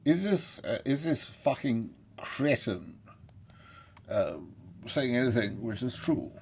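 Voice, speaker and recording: A man's voice: mid-range voice, animated, takes it slowly, a little mellow, slight background noise. A man in an abusive, scornful rant, full of swearing and insults. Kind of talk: ranting monologue.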